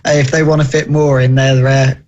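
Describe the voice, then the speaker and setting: A man's voice: mid-range voice, flat delivery, moderate pace, darkish tone, dull audio. A man co-hosting a casual motorsport radio chat, teasing the host and laughing often.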